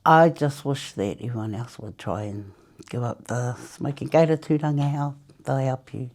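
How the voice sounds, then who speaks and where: Interviewed about giving up smoking, this former smoker from New Zealand speaks at a normal speed in a bass, slightly mellow voice. Her storytelling is chatty, full of laughter and acted-out quotes of what others told her.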